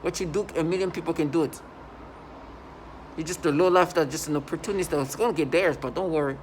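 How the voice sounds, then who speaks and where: A man's voice: fairly high pitch, brisk, slight background noise. A man talking to his camera in an agitated, indignant monologue, stopping and restarting often. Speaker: vlogger.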